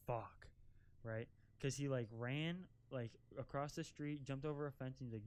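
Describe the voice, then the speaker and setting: A man's voice: medium pitch, brisk, a little mellow, clean tone. A young man telling a casual storytime as a vlogger, rambling, swearing and leaning on "like" constantly, while out driving an off-road vehicle. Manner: rambling, profane, filler-heavy with constant "like".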